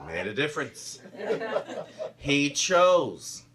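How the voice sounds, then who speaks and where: A man's voice: fairly high pitch, far from the mic. A man preaching a conversational sermon from the pulpit, telling stories and laughing often as he speaks. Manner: animated storytelling, laughs often. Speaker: minister. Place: church sanctuary.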